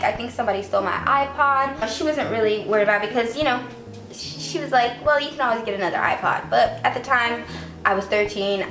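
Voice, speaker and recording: A young adult woman telling a casual storytime, chatty and repetitive, leaning on "like" as a filler. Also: a little high. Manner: chatty, repeats herself, fills with "like". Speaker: vlogger. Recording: roomy echo, faint background music.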